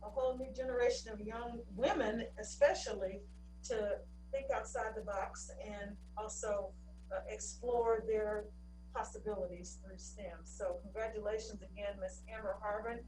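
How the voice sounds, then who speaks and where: A woman's voice: medium pitch, steady tone, normal speed, a little mellow. A woman co-hosting a school district awards ceremony, praising honorees effusively. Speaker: district co-host. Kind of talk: ceremony presenting on a video call. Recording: echoey room, distant mic, faint hum.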